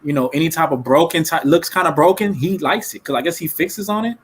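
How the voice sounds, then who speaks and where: A man's voice: on the high side, fast talker, slight background noise. Laid-back slangy man chatting. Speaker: guest. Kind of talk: casual chat.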